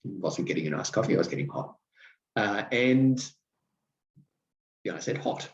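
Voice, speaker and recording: A man with a very low voice hosts a reflective podcast monologue. He tells wry, self-deprecating stories and halts often with ums and restarts. The recording sounds dull and slightly lo-fi. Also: animated. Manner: halting, lots of ums and restarts. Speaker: podcast host.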